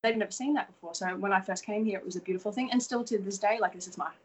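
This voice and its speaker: A woman's voice: medium pitch, racing, slightly rough, rough recording. An Australian woman in her thirties, a model, talking candidly and energetically as a podcast guest. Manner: energetic, candid, swears casually. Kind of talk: casual interview chat.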